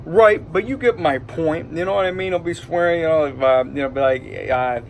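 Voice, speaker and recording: A man's voice: a little high, a little fast, creaky, a little hiss or hum. A man with a Detroit accent rambling in a loose, hyped-up vlog monologue from home, full of fillers. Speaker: vlogger. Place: indoors at home.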